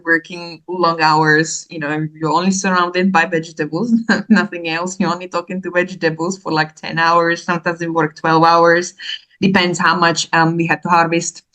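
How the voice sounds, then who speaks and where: Woman, thirties, lower-pitched voice, animated storyteller, frequent laughs, podcast guest. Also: normal speed, low-quality recording. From Slovakia. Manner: animated, laughs often, acts out quoted voices. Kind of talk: casual storytelling in an interview.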